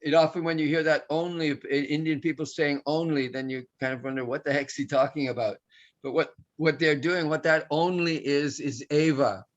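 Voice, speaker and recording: A man's voice: a little high, steady tone, a little fast, muffled recording. A man teaching a Sanskrit class, patiently explaining grammar with many restarts and fillers.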